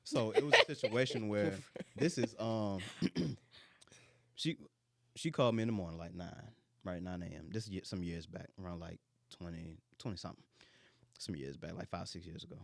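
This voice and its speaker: A man in his thirties, hosting a casual chat and telling stories in an animated, colloquial way. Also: deep voice, moderate pace, creaky, no echo. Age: 30s.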